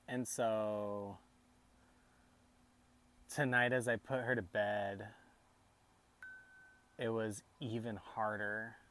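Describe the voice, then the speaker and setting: A man in his thirties talking softly and haltingly about grief on a personal vlog, often restarting his sentences. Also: lowish voice, little pitch movement. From United States. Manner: soft, halting, tearful speech with many restarts. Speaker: vlogger and father.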